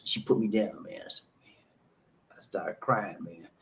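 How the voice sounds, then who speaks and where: A man's voice: low-pitched, fairly even intonation, normal speed, a bit bright. Emphatic man telling a story. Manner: emphatic, keeps saying "man", laughs at himself. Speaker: vlog host. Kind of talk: personal storytelling to viewers.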